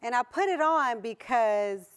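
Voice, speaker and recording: With a fairly high, smooth voice, an animated manner, and a slightly slow pace, a Southern US woman delivers a motivational keynote in a conference hall. She's playful, laughs frequently, and asks the audience questions.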